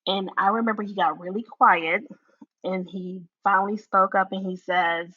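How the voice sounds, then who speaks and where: A woman telling her own story in an interview, animated and laughing as she recounts it. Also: mid-range voice, normal speed, narrow, tinny audio.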